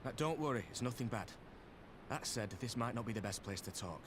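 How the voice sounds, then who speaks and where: A man playing a polite English adventurer, coaxing, game dialogue, noisy rumbling track. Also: animated, a little fast, lightly acted. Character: courteous young male adventurer, genial.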